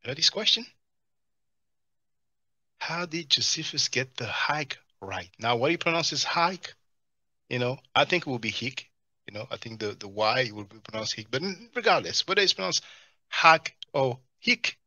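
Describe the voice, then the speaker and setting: A man's voice: medium pitch, moderate pace, dry recording, muffled recording. A man hosting a live stream, reading chat and mocking the video clips he plays. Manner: mocking, animated, answers chat comments.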